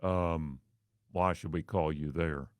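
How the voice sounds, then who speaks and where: A man voicing a cool, businesslike, unfazed bank manager, flat and bland. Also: a bass voice, takes it slowly, no echo, studio quality, pitched below the performer's own voice.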